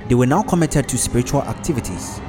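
A man narrating a story in a measured, even delivery. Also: mid-range voice, loud music behind the voice. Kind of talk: storybook narration with character voices.

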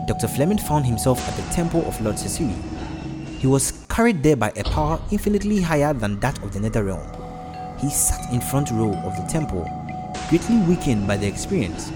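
A man reading a story aloud as narrator, steady and expressive. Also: medium pitch, a little fast, over music.

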